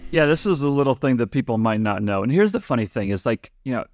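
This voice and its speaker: A man's voice: medium pitch, sing-song, quick pace, darkish tone, dry recording, clean studio sound. A man from rural Nebraska co-hosting a finance podcast, chatty and rambling with many restarts. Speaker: podcast co-host. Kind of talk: casual finance chat.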